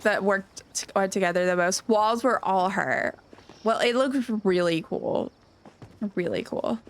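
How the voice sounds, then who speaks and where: A woman game streamer chatting casually on a live stream, gushing and excitable, rambling with lots of restarts. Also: mid-range voice, measured pace.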